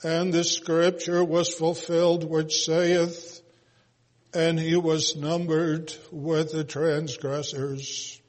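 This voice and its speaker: Slow-intoning man in a reverberant hall. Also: fairly high pitch, level tone. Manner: slow, intoned, almost chanted delivery with occasional filler pauses. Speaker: scripture reader. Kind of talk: solemn scripture reading.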